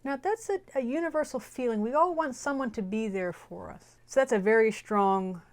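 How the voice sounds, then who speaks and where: A woman's voice: a little high, moderate pace. A young woman teaching a music lesson, explaining a melody and singing short phrases to illustrate it. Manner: explains then sings phrases. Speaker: music educator. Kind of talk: music lesson with sung examples.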